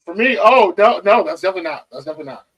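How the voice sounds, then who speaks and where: A man co-hosting a casual sports talk show, speaking in an animated, emphatic way as a baseball fan. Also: sits high, racing, husky, poor audio. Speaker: co-host, Mets fan.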